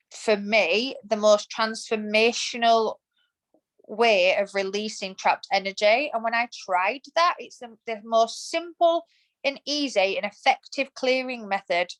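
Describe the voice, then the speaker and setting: A woman's voice: fairly high pitch, rough recording. A woman in her thirties, a podcast guest, talking in a passionate, emphatic way in a casual interview. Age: 30s. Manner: emphatic and passionate, acts out quoted thoughts.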